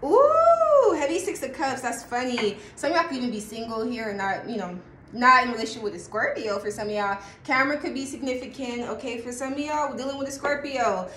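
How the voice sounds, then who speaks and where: A woman reading tarot in a casual, excitable way, laughing often and breaking into bits of song. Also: a little high, quick pace, reverberant, a little hiss or hum. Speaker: tarot reader.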